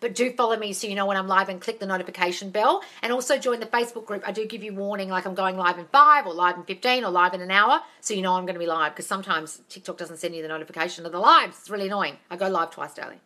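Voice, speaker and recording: A woman answers viewer questions on a live phone stream with a bright, forward voice. She is blunt and swears freely, calling everyone darling. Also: medium pitch, fast talker, hardly any pauses. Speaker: manifestation coach hosting a live Q&A.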